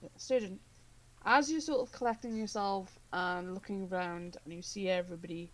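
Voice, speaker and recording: A woman's voice: medium pitch, moderate pace, poor audio. A woman narrating as game master of a tabletop horror game, rambling with many fillers.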